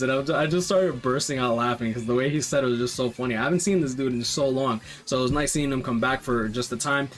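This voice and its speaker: A man's voice: medium pitch, fast, few pauses, soft background music. A man casually talking through game survey results as a YouTuber, rambling with lots of fillers and restarts. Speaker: gaming YouTuber.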